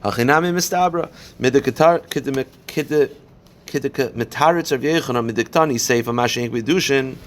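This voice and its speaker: A man, a rabbi, leading a daily Talmud class. He explains step by step, asking questions and answering them, and reads Aramaic passages quickly before translating them. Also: mid-range voice.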